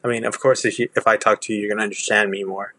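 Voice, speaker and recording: A man's voice: on the low side, flat delivery, very fast, pushed and bright. A man from Texas with a Southern accent, chatting casually, rambling with lots of restarts and fillers. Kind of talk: casual chat.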